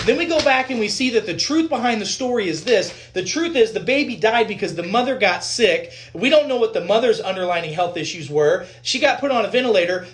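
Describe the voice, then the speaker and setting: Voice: medium pitch, a bit bright, a little hiss or hum. A physician giving a heated, blunt and profane rant to viewers, repeating points for emphasis.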